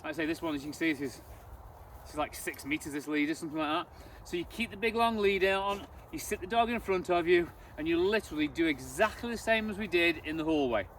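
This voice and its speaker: A man's voice: on the high side, quick pace, fairly bright tone, recorded from a distance, a little hiss or hum. A man who trains dogs, giving a casual step-by-step training demonstration and chatting as he moves around a cold field. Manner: chatty, repeats words, gives commands to the dog. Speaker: dog trainer.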